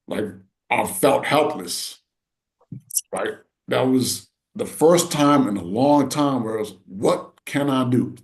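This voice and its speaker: A man's voice: medium pitch, slow pace. Middle-aged man telling a heartfelt story. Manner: rambling, full of "you know" and "right". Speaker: podcast co-host. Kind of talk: casual podcast chat.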